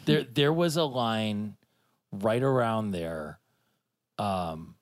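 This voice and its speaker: A man's voice: fairly low pitch, animated, very slow. A man hosting a podcast, steering the casual discussion in an upbeat, talkative way. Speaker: podcast host. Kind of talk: casual chat.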